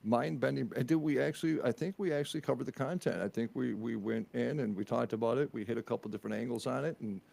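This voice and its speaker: A man's voice: medium pitch, fast, gravelly, hardly any pauses, darkish tone. A man hosting a podcast, wrapping up the show in a playful, rambling way with some swearing. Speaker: podcast host. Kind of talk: casual chat.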